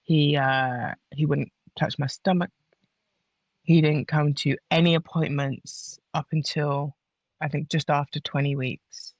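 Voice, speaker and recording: Gravelly-voiced woman telling her story. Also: deep voice, a little slow, no echo, muffled recording. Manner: animated, acts out others' lines while telling a story. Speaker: podcast guest. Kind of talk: casual personal storytelling.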